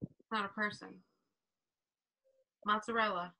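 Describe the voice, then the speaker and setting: A young woman hosting a casual podcast chat, playful and quick to laugh. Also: mid-range voice, fairly even intonation, heavy background noise. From North Carolina. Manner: giggly, playful. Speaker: podcast host.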